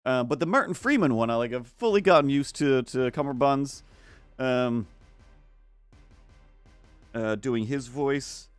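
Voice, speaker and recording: A man of middle pitch who talks casually while drawing on a stream. He rambles in loose, restarting sentences and often drops into silly voices. The sound is dry and close, with faint music underneath. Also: lively intonation, a little slow, long pauses, smooth, no room sound. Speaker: art streamer.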